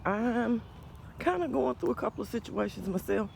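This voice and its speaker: A man in his forties hosting a podcast, talking slowly and earnestly about faith and mental health, a little out of breath. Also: very high-pitched, expressive, gravelly, a little mellow, slight background noise. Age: 40s. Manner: slow, thoughtful, earnest, with pauses and restarts. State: slightly out of breath. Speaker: podcast host. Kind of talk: reflective faith-based mental health talk.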